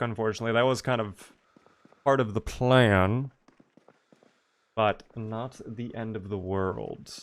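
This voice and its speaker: A young man with a smooth, resonant voice talks loosely through a live gameplay stream. He chats with his viewers and reacts to what happens on screen in an easygoing way, at a middling pitch. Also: a bit bright. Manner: chatty, talks to chat and reacts to the game. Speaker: game streamer.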